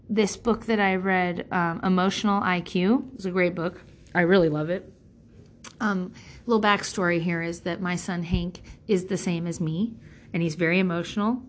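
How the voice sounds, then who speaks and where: A middle-aged woman speaking as a parent, talking frankly and casually, rambling off topic, cursing freely and acting out quotes in different voices. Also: on the low side. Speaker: parent sharing advice. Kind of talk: candid casual monologue.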